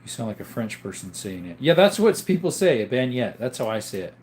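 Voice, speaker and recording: A man chats casually on his live stream, welcoming viewers and reading their questions aloud. His answers wander easily and are full of little fillers, delivered in a relaxed, rambling way. His voice is on the low side and fairly quick, with slight background noise.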